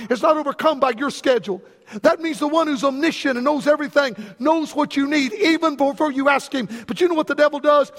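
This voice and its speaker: A man preaches to his church congregation. His voice sits very high, and he spins folksy stories while calling questions out to the crowd. A long reverb from the sanctuary trails behind every line. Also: a bit bright. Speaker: pastor. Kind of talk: sermon.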